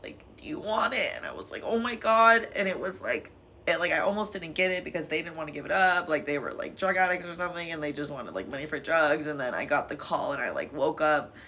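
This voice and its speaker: A woman's voice: low voice, animated, fast, a bit bright, slight background noise. A young adult woman talking candidly in a personal vlog, rambling with fillers, emotional and sometimes laughing through tears. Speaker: vlogger.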